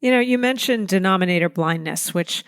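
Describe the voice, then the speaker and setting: A woman hosting an interview, asking quick, engaged follow-up questions. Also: medium pitch, smooth, dry recording, clean studio sound. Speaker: interview host.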